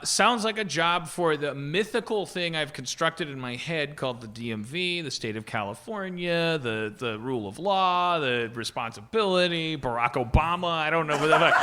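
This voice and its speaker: A podcast host, a man, riffs in a loose, rambling way, restarting sentences and swearing casually. His voice is bright and forward and sits a little high for a man. He talks like he is working the idea out on the spot. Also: slight background noise. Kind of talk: casual comedic riffing. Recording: live podcast stage.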